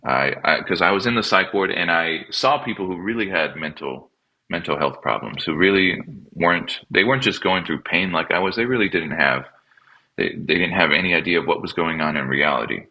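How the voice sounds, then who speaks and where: A man, a pastor and podcast guest, telling his personal story in a halting, reflective way and often repeating words as he restarts. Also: low-pitched, bright, forceful tone, dull audio. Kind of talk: personal testimony in conversation.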